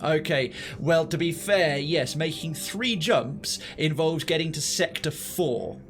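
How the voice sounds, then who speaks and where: A young man giving animated, swearing live gameplay commentary and thinking aloud. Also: a little high, takes it slowly, hardly any pauses, soft background music. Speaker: streamer.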